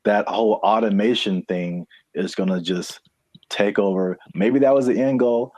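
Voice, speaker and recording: Low-voiced california dude cohosting a podcast, laid back and rambly, dry room. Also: male voice, moderate pace, darkish tone, no room sound. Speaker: podcast co-host. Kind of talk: casual podcast chat.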